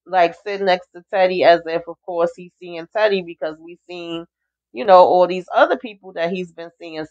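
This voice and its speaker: A woman giving a casual, chatty TV episode recap, acting out the characters' lines as she retells each scene. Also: medium pitch. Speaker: TV recap reviewer. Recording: dull lo-fi recording.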